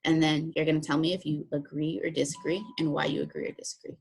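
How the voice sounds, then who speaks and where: Husky-voiced woman teacher giving instructions. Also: low voice, level tone, quick pace, darkish tone. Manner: step-by-step instructive, plain and practical. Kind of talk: recorded classroom lesson walkthrough.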